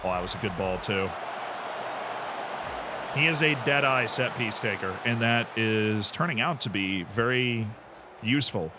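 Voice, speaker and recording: A man's voice: lowish voice, unhurried, pauses often, noisy background. A man streaming a football management game, chatting casually, reacting to the match and answering his chat. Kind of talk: live gameplay commentary.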